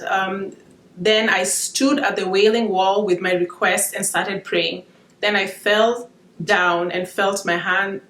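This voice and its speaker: A woman speaks in a middle-pitched voice, sharing her dreams and reading verses in an informal devotional talk. She sounds emotional, as if holding back tears, and often stops, restarts and apologizes. The room around her is bare and echoey. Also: fairly bright tone. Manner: emotional, halting, with restarts and asides. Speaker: Christian video blogger sharing dreams.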